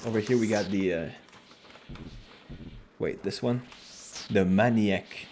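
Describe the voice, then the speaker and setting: Animated joking male streamer, low voice. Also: takes it slowly, a little hiss or hum. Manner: animated, joking, swears casually. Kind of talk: casual stream chat.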